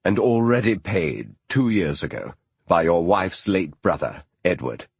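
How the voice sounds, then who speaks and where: A man doing a cool, low-voiced detective. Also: very animated, gravelly, slightly rough, no room sound, heavily acted. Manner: cool and measured. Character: cool, reserved male detective, measured.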